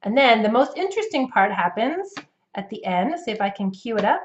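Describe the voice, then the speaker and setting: A woman with a North American English accent, explaining accent practice clearly and patiently to the camera as a coach. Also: fairly high pitch, big pitch swings, fairly quick, highs cut off, slight background noise.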